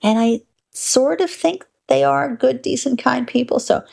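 A woman's voice: sits high, measured pace, gravelly, darkish tone. An older woman telling a personal story in a wry, candid, conversational way, with mild profanity.

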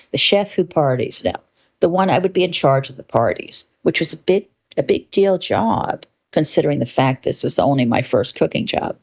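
A woman telling a personal story in an animated monologue, brash and emphatic, with playful, inventive cursing. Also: low-pitched, gravelly.

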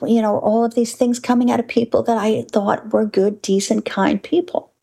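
A woman's voice: on the high side, fairly even intonation, normal speed, vocal fry, few pauses, dark tone. An older woman telling a personal story in a wry, candid, conversational way, with mild profanity.

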